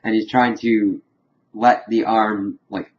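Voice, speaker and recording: A man casually recapping a cartoon episode in a rambling way, full of fillers and quick acted quotes. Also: on the low side, steady tone. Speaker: reviewer. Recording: dull lo-fi home recording with faint hiss.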